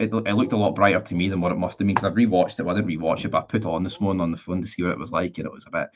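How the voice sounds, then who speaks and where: A man in his twenties with a Northern Irish accent, chatting casually on a live stream and reading out viewer comments in a blunt, rambling way with casual swearing. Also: on the low side. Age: 20s. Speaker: football fan streamer. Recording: dull lo-fi sound.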